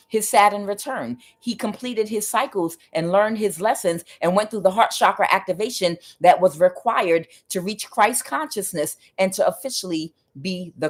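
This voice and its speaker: A woman tarot reader giving a spiritual reading in an emphatic, preachy way, with frequent fillers. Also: lowish voice.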